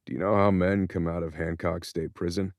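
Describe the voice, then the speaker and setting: A man voicing a subdued, remorseful older father just out of prison, quiet and halting in an audiobook. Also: low-pitched, fairly even intonation, dry recording. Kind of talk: audiobook character voice.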